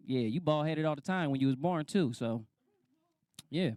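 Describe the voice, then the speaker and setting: A fairly high-voiced man in his thirties working a comedy crowd, his delivery loose and full of swooping pitch. The sound is dry and close. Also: lively intonation, brisk, darkish tone, no echo. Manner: loose, conversational riffing with the crowd. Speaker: stand-up comedian. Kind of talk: stand-up comedy. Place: comedy club stage.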